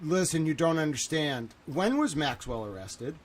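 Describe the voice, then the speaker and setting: A man in his thirties hosts a livestream in a panic, his slightly high voice animated at normal speed. He swears, exclaims and repeats himself while talking to his viewers in an agitated monologue.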